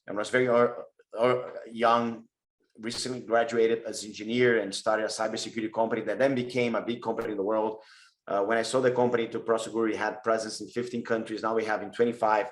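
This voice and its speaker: A middle-aged man, a company chief answering questions in conversation, halting with restarts and fillers. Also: lowish voice, flat delivery, roomy sound. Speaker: CEO and spotlight speaker.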